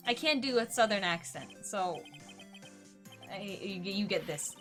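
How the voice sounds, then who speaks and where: A young woman streamer with a medium-pitched voice at normal speed plays a story game, chatting playfully and thinking aloud. Soft background music sits under this casual let's play commentary.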